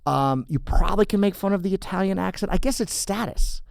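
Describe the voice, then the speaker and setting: A comedian guest with a high, fairly quick voice and vocal fry tells stories in a casual chat, recorded dry in a podcast studio. He's an animated storyteller who jumps into character voices.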